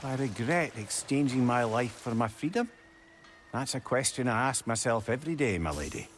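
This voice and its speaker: A man's voice: mid-range voice, expressive, normal speed, close to an everyday voice. A man voicing a witty, chatty male talking head in a video game, teasing and fond of riddles and puns. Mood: playful. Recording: game audio with music behind.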